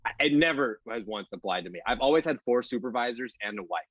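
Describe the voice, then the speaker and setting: A man in his twenties doing a stand-up set with a deadpan, throwaway delivery. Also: medium pitch, quick pace, dull audio, very noisy. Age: 20s. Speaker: stand-up comedian.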